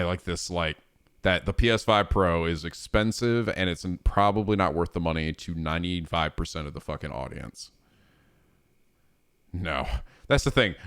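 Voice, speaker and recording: Male game streamer, casual chat, low voice with lively swings, swears freely. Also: clear, resonant tone, dry recording, clean studio sound. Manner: profane, rambling, animated.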